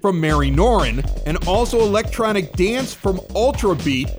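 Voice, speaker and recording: A man co-hosts a casual podcast, reading event listings and chiming in with quick reactions. His voice sits high and moves around a lot, and music plays clearly underneath. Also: expressive. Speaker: podcast co-host. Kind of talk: casual chat and event announcements.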